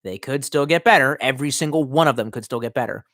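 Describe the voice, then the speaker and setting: A man's voice: mid-range voice, fast, fairly bright tone, no room sound. A man rambling through a casual live stream, swearing freely and reacting to viewer comments as he goes. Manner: profane, rambling, reacts to chat.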